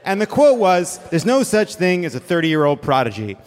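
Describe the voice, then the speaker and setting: High-voiced man rambling on a reverberant stage. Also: big pitch swings, moderate pace. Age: 40s. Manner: rambling, self-mocking, bursts of shouting. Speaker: comedy show host. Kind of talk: live stand-up banter. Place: theater stage with live audience. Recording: reverberant venue with crowd noise.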